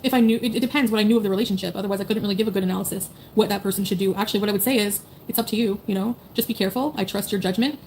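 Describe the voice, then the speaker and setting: Woman, casual livestream chat, rambling and profane, rapid-fire, faint room noise. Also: mid-range voice, darkish tone. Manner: blunt, profane, rambling with many "like"s and "you know"s. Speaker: streamer talking to chat.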